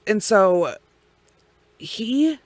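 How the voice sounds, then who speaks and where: A woman telling a true crime case in casual, blunt language full of swearing and heavy pauses. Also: mid-range voice, very animated, dry recording.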